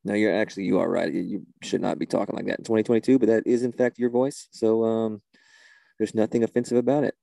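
A man's voice: on the low side, steady tone, fast, gravelly, warm tone, no echo. A man in a comedy sketch, talking in an exasperated, incredulous way.

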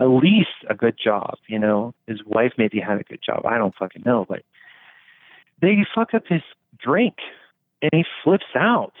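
A man's voice: mid-range voice, no room sound. A man talking casually and philosophically, rambling with many fillers and swearing freely. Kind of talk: casual conversation. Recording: dry, tinny phone-like sound.

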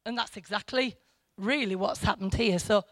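A woman's voice: mid-range voice, normal speed, fairly bright tone, slight background noise. A middle-aged woman from England giving an informal, chatty Bible teaching that wanders off track and then presses hard on her key points. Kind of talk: informal Bible study talk.

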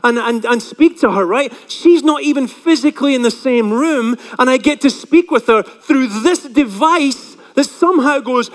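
A man's voice: extremely high pitch, moderate pace, few pauses, big-room sound. A male pastor preaching a chatty sermon, often asking the congregation questions.

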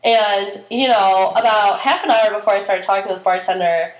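A woman's voice: medium pitch, normal speed. Young woman podcasting, chatty storyteller, kinda echoey room. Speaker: podcast host. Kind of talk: casual chat.

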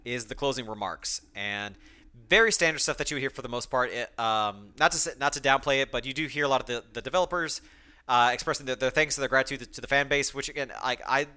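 A young man speaks in a bright voice on his solo podcast. His talk is emotional and full of ums and restarts, and he is choked up at times. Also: medium pitch, fast, clean tone. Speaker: podcast host.

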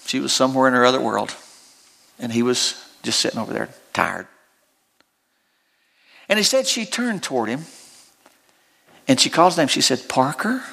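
A man preaching a sermon as pastor, with big swells of emotion and soft, tender storytelling that comes close to tears. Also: vocal fry. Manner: preaching with big rises in pitch, then dropping soft and low for a story.

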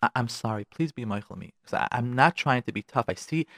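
A man's voice: medium pitch, animated, brisk, a bit bright, no echo. Frank guy on radio, worked up, voice jumps all over, dry close sound. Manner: frank, worked up, talks straight to listeners. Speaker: radio show host giving marriage advice. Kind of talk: animated advice talk.

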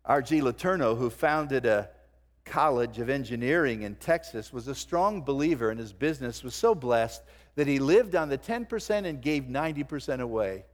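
A man preaching a sermon to his congregation, swinging between loud emphasis and hushed low phrases. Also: expressive, normal speed. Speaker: pastor. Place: church sanctuary. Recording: long hall reverb.

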